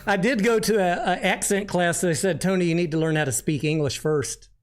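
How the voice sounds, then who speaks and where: A man's voice: high voice, a little fast. A man hosting a casual livestream, chatting and joking while reading viewer comments aloud. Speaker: livestream host.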